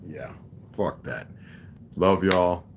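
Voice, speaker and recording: A man with a very deep voice rambles casually on a livestream, blunt, preachy and profane. He leans on fillers and restarts. A faint hum of noise sits behind him. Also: very slow. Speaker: livestream vlogger.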